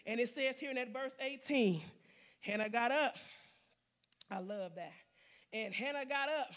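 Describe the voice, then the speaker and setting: Forceful, bright-voiced woman preacher. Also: fairly high pitch, slow pace, pauses often. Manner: emphatic, repeating phrases, building to shouts. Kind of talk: sermon.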